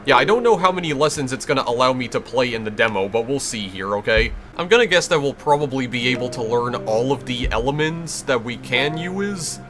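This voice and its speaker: Chatty let's play man over game music. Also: medium pitch. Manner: chatty, wry, stumbling restarts. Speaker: game commentator.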